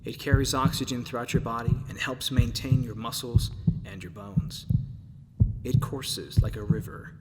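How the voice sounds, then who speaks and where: A man reads a scripted spooky opening in a low, half-whispered hush. His voice rings out with a long, hall-like reverb around it. The pitch sits in a middle male range. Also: fairly even intonation, moderate pace, slight background noise. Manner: hushed, half-whispered delivery.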